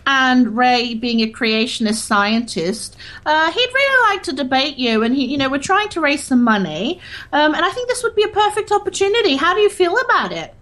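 This is a giggly, devoted female personal assistant, put on for a comedy sketch. Her voice is very high, lively and bright. She flirts and gushes as she talks. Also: normal speed, heavily acted. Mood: flirtatious.

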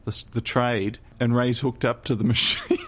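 A man's voice: medium pitch, flat delivery, normal speed, very noisy. A man co-hosting a comedy podcast, improvising gags and laughing. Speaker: podcast co-host. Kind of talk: casual comedic chat.

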